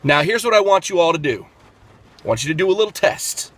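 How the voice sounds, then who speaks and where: A man's voice: a little high, big pitch swings, a little fast, a bit bright. Man explaining a workout, fillers, restarts. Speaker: fitness vlogger. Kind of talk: casual fitness vlog.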